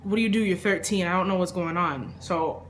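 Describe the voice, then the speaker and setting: A young woman telling a personal story in a casual vlog, rambling with lots of fillers and trailing off into quiet asides. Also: fairly low pitch, brisk, a little hiss or hum. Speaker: vlogger.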